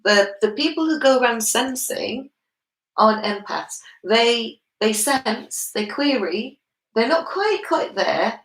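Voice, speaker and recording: A woman's voice: fairly high pitch, animated, takes it slowly, fairly bright tone, echoey room, poor audio. A woman with a confident manner, explaining at length in a casual book club chat.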